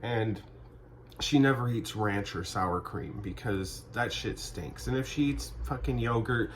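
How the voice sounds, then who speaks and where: A man in a rambling, deadpan comedic monologue, sarcastic and profane, acting out both sides of made-up conversations. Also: fairly low pitch, a little slow, a little hiss or hum. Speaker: vlogger.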